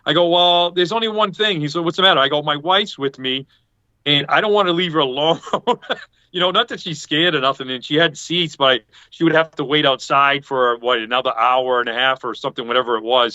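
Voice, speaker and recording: This man's voice sits fairly high, pushed and bright, at a normal speed with no room sound. A podcast panelist on a dull lo-fi video call, he rambles through a casual story, voicing the people he quotes.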